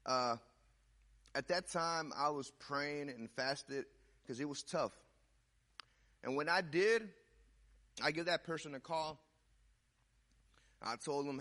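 A young man preaching a sermon and sharing a personal testimony in a conversational way, repeating words and swinging from loud to hushed. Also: on the high side, slow pace, pauses often.

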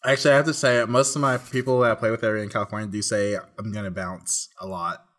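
A man co-hosting a casual podcast, cracking dry, low-key jokes. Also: rapid-fire. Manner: dry, quietly joking. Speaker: podcast co-host. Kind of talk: casual chat.

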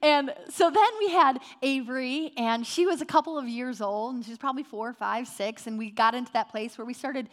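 A middle-aged woman pastor giving a sermon and telling lively personal stories. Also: high voice, fairly quick, few pauses. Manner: storytelling, animated.

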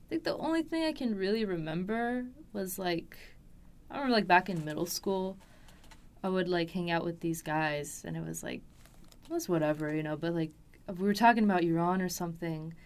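A woman's voice: fairly low pitch, moderate pace, clear, resonant tone. Rambling young woman, full of fillers. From France. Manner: rambling, many fillers and restarts, laughs often. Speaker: interviewee. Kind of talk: casual interview conversation.

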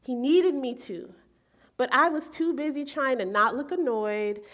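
Woman in her 40s preaching, high voice, animated story, acts out her own thoughts. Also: a little slow. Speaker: pastor. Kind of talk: sermon storytelling.

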